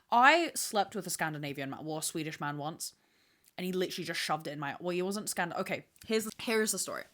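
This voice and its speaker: A woman's voice: deep voice, a bit bright. A young woman hosting a podcast, telling stories in a rambling, dramatic, profane monologue to the camera. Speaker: podcast host. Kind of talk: casual storytelling monologue. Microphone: camera with mic, talking to camera.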